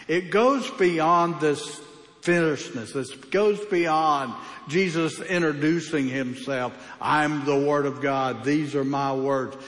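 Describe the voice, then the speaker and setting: Pastor guy preaching, slow and a bit high, big echoey church sound. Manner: emphatic preaching with varied pace. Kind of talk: sermon.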